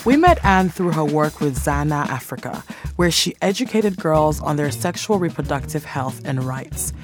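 A woman's voice: deep voice, lively intonation, normal speed. Woman hosting a radio show over music. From Sierra Leone. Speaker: radio host.

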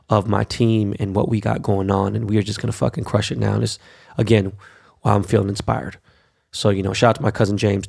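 Brash, swearing gravelly-voiced man. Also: lowish voice, darkish tone. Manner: brash, cursing constantly. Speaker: show host. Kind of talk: profane ranting monologue.

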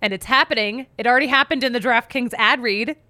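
A woman from the Philadelphia area with a Philly accent, hosting a casual sports podcast with a voice worn hoarse from screaming, chatty and quick to laugh at herself. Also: on the high side, bright, forceful tone. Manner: chatty, laughs often, self-mocking. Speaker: podcast host.

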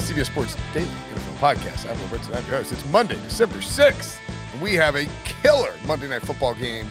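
A man's voice: medium pitch, sing-song, quick pace, over music. A man hosting a sports podcast, chatting casually, joking and laughing often. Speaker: podcast host.

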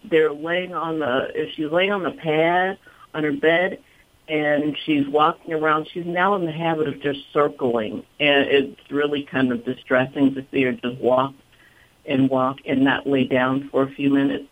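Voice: mid-range voice, little pitch movement, measured pace. A caller on a radio phone-in, telling a rambling, worried story about a pet. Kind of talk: phone-in call. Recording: tinny phone line.

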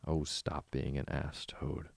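A man voicing a gentle, anxious male mole who worries aloud in a storybook reading. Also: extremely low pitch, flat delivery, normal speed, gravelly, no echo, exaggerated voice.

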